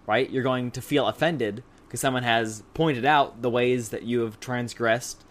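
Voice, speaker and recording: A man's voice: medium pitch, fairly even intonation, measured pace. Explaining man asking "right?". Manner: explanatory, frequent "right?" check-ins. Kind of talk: casual Christian podcast chat.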